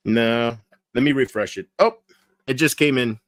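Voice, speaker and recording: A man's voice: mid-range voice, moderate pace, dry recording, studio quality. A man streaming late at night, reading chat and rambling crudely with lots of swearing. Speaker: livestreamer.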